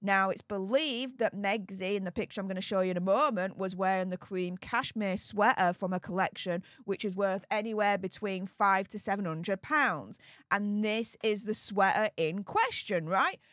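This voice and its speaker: A woman's voice: mid-range voice, moderate pace, fairly bright tone, dry recording, studio quality. A woman hosting a casual celebrity gossip commentary, chatty and dramatic, drawing out words for emphasis. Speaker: commentary channel host.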